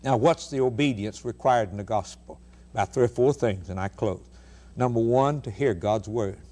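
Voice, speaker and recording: Over the radio, a man with a mid-range voice preaches forcefully at normal speed. Rhetorical questions pile up as he alternates between loud proclamations and softer, hushed passages.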